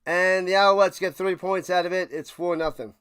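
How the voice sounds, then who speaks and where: High-voiced excitable man ranting over football. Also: normal speed, clear, resonant tone. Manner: excitable, swings from ranting shouts to low mutters; repeats himself while ranting. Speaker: watch party streamer. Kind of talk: live play-by-play and reaction commentary.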